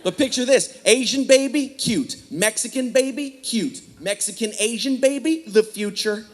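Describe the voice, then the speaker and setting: A man performing a stand-up comedy set with a punchy, animated delivery, often slipping into character voices. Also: very high-pitched, moderate pace, slight background noise. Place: comedy stage before a laughing audience.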